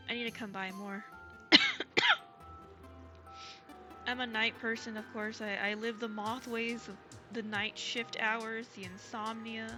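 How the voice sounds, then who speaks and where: A woman streamer chats with her viewers in a soft, gushing way, tripping over ums and false starts. Her voice sits a little high and carries a trace of a lingering cold. Music plays clearly behind her. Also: level tone, a little slow. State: recovering from a cold. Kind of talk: casual live-stream chat.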